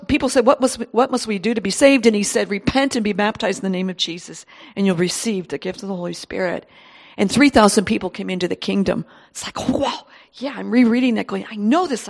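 A woman preaching a sermon to her congregation, retelling scripture with animated exclamations and acted-out voices. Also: high-pitched.

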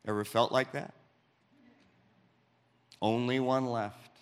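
Man, sermon, scripture reading, dramatic pauses, quiet asides, medium pitch. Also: steady tone, clear, resonant tone. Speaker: preacher.

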